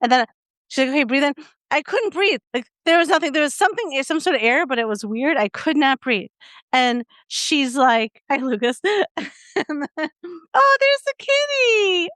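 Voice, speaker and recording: High, smooth-voiced woman telling a story. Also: dry recording. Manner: animated storytelling with lots of fillers and acted quotes. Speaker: podcast co-host. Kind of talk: casual chat.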